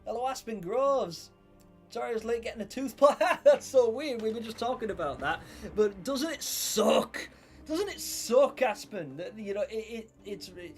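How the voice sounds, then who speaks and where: A young man hosting a live stream, chatting casually and rambling as he greets viewers by name. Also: fairly high pitch. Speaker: livestream host. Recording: faint music behind voice.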